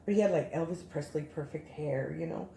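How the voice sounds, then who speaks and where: Woman, low voice, rambling storyteller, echoey room, faint noise. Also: brisk, vocal fry. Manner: animated, rambling, many restarts. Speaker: guest storyteller. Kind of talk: casual storytelling.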